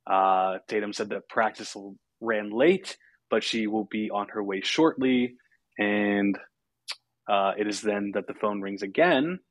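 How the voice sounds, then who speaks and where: A man's voice: lowish voice, unhurried, no echo. A man hosting a podcast, casually recapping a horror film with fillers and chuckles. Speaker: podcast host.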